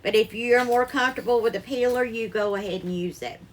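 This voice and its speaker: A woman's voice: fairly high pitch, a little fast, slight background noise. A woman hosting a live-stream cooking show from her kitchen, greeting viewers by name and calling them darling.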